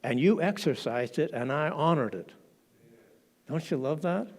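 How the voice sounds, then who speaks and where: A male preacher in a church, telling the story with drama and slipping into the voices of the people in it. His voice sits on the higher side and swings widely in pitch. He takes his time, pausing between phrases. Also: animated, a little mellow. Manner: dramatic, acts out quoted lines. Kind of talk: sermon storytelling.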